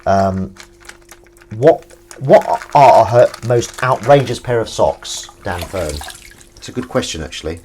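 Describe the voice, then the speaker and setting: A man's voice: on the low side, animated, slow pace, darkish tone, a little hiss or hum. A man livestreaming from his kitchen while washing up, chatting casually with viewers and reading their comments in a rambling, self-mocking way.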